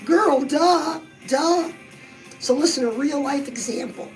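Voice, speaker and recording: A woman's voice: high-pitched, measured pace, darkish tone, soft background music, low-quality recording. A woman coaching on fitness and weight loss in a bubbly, chatty, motivational way, talking straight to her listeners. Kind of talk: upbeat motivational vlog.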